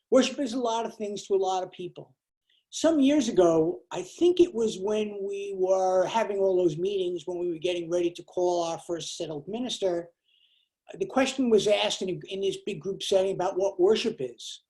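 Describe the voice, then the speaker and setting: A woman speaks to her congregation in a plain, conversational lay sermon. She pauses and restarts now and then. Her tone is mellow and rather dark, at an ordinary pitch. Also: rough recording. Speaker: lay worship leader. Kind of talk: lay sermon with a told joke.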